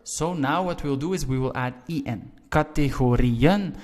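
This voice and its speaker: Man teaching in a reverberant room. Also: a little fast. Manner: explains step by step, often checking in with "right?"; stresses key words with sudden lifts in pitch and volume. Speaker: language teacher. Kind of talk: video language lesson. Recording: long reverberant room echo.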